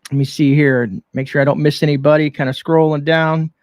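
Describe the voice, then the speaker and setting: A man's voice: a little high, little pitch movement, brisk, a little mellow, dry recording. A man from Canada hosting a live stream, reading out viewer names from chat in a friendly way. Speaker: host.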